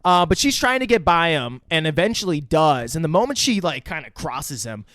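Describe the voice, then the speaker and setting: A man co-hosting a podcast, recapping a film in casual, excitable talk with heavy swearing. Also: on the high side, normal speed, dry recording, studio quality. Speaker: podcast co-host.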